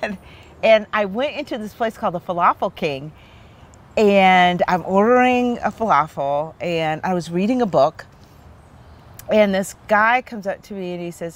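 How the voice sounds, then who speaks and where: A woman in her fifties, a therapist hosting, telling a personal story in a relaxed, animated chat. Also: medium pitch, normal speed. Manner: chatty, animated storyteller with many "like"s. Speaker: therapist and host.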